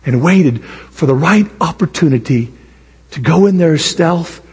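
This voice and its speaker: Male pastor, sermon, animated, acts out voices, high voice, husky, echoing hall. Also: a little slow. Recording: long reverb in a hall.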